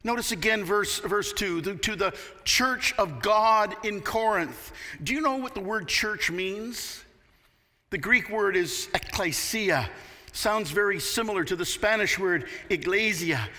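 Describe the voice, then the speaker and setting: A man's voice: sits high, measured pace, sharp tone, big-room sound. A man preaching a sermon from Canada, earnest and building to emphatic peaks. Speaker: pastor.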